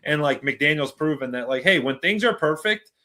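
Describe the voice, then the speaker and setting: Emphatic, bright-voiced podcast co-host. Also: male voice, fairly high pitch, expressive, moderate pace. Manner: emphatic, opinionated, repeats for punch. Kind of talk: casual sports chat.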